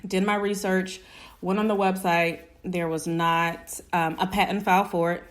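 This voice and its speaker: A woman business owner speaks to her audience in a lively, emphatic storytelling voice. She leans on rhetorical questions and keeps checking in with "right?" as she goes. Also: lowish voice, normal speed. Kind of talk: personal storytelling to camera.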